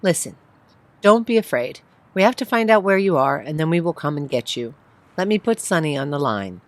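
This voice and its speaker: A woman's voice: sits low, very animated, brisk, no room sound. A woman voicing an angry, frightened husband who scolds his wife over the phone. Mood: calmer. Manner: scolding, yelling.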